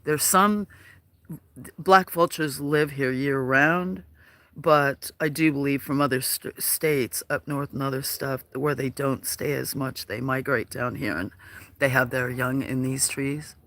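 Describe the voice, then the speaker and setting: A man hosting a casual livestream outdoors at a farm, talking in a soft, hesitant way with lots of fillers. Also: mid-range voice, fairly even intonation. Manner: slow, soft-spoken, hesitant with many fillers. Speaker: livestream host.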